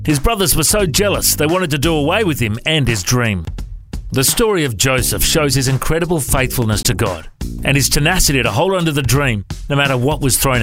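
A man giving a scripted devotional reflection, earnest and preacherly. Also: mid-range voice. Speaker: devotional speaker.

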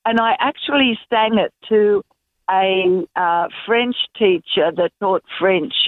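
A woman in her seventies calling in to a radio show, chatty and giggly, with a slightly croaky morning voice. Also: mid-range voice, takes it slowly, no echo. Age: 70s. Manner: giggly, chatty, self-deprecating. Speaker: caller. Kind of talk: casual radio call-in chat. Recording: muffled phone line with faint music.

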